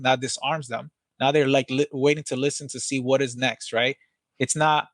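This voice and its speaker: Energetic, blunt man with a dry close sound. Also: mid-range voice, normal speed, dry recording. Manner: energetic, blunt, swears casually. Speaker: podcast guest, sales team trainer. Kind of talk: casual podcast interview.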